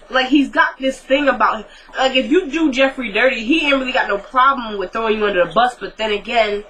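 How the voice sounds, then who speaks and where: A woman's voice: medium pitch, bright, forceful tone, rough recording. A woman casually recapping a TV drama episode, retelling scenes by quoting the characters, with many likes and asides. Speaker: TV recap vlogger.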